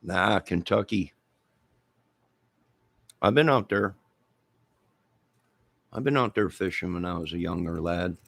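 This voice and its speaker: A man's voice: low voice, takes it slowly, vocal fry, pauses often, a bit bright, no room sound. A middle-aged man hosting a livestream, chatting casually with viewers in a rambling, joking way. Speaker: livestream host. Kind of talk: casual chat with live viewers.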